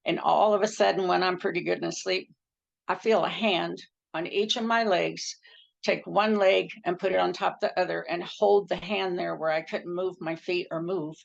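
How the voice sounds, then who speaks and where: Woman, low gravelly voice, earnest personal storyteller; dull lo-fi recording. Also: steady tone, moderate pace. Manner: earnest, acts out quoted speech with pitch jumps. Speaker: near-death experience storyteller.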